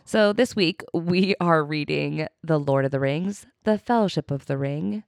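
Raspy-voiced woman with a cold. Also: sits low, measured pace, no echo, clean studio sound. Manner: playful, laughs often. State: hoarse from a cold. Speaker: podcast co-host. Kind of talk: casual chat. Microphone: studio mic.

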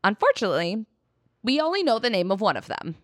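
A woman's voice: medium pitch, very animated, quick pace, no room sound, clean studio sound. A woman co-hosting a podcast, retelling fantasy lore in a jokey, casually profane way. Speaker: podcast co-host. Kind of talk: casual storytelling chat.

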